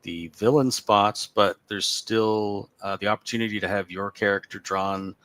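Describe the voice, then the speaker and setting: A man, a comic creator and guest, pitching his book in a wry, self-deprecating way. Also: steady tone, normal speed, fairly bright tone, no echo. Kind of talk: livestream chat.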